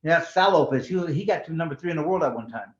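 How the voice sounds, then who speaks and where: A man's voice: fairly high pitch, fast. A man from California, a former pro boxer, telling stories in a casual interview. He swears freely and often restarts his sentences. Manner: animated storyteller, swears freely, many restarts. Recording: roomy, slightly dull sound.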